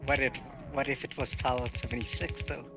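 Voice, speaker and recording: A man's voice: mid-range voice, level tone, fairly quick, creaky, over music. Laid-back teasing male gamer. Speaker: co-player. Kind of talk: casual chat while gaming.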